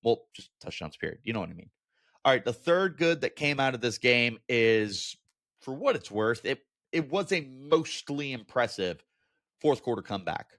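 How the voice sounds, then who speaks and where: A man hosting a sports show talks through a football loss in a casual, candid way. His voice sits at an ordinary middle pitch. He is animated and slips into exasperated asides. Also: moderate pace. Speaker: sports podcast host.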